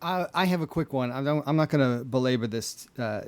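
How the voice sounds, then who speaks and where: Male podcast co-host, mid pitch, dry close sound, easygoing and hesitant. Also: expressive, brisk, a little mellow, smooth, no echo. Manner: easygoing, hesitant with many fillers. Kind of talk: casual chat.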